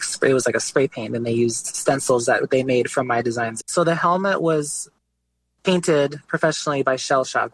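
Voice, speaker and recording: A man's voice: mid-range voice, breathy edge. A young man, an artist, telling his story casually in an interview, with lots of "like" and "you know". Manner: relaxed, conversational, many fillers like "like" and "you know". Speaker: guest artist.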